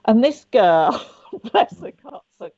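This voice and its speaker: A middle-aged woman, a psychic medium guest on a chat show, telling stories in a lively way and acting out what people said. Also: on the high side, takes it slowly, dry recording. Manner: lively storyteller who acts out what people said. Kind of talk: casual chat, storytelling. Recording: dull, dry sound.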